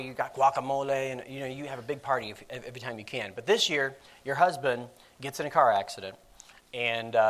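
A man's voice: mid-range voice, fairly bright tone. A man preaching a sermon in a conversational style, acting out quoted voices with lots of fillers.

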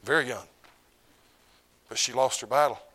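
Preacher swinging loud to hushed. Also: male voice, mid-range voice, normal speed. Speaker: pastor. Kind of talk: sermon.

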